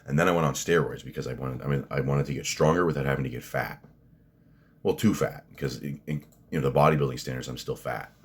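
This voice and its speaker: A man's voice: a bass voice, fast talker, slightly rough. A man, rambling bluntly through a casual commentary vlog, swearing freely and restarting his sentences. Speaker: fitness vlogger.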